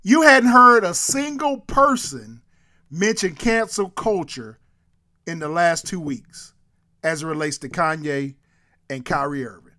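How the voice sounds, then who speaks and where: High-voiced, animated man talking sports. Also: unhurried. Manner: animated, laughs often, repeats himself when making a point. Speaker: podcast co-host. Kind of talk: casual sports and culture chat.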